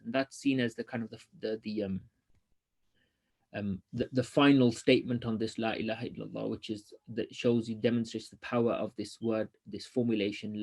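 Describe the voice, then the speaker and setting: During an online lesson, this man reads religious passages rapidly, then talks through them loosely and hesitantly with frequent ums. He has a mid-range voice with vocal fry and a darkish tone.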